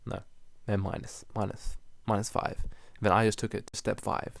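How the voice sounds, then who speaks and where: Young male podcast host, low gravelly voice, loose filler-heavy rambling. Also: flat delivery, moderate pace, no echo. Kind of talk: casual rambling solo podcast.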